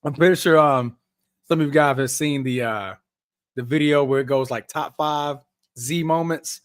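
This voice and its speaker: A man's voice: fairly high pitch, normal speed, clear, resonant tone, no echo, studio quality. A young man hosting a live basketball watch-along podcast, chatting casually in slang and laughing often. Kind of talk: casual live game reaction.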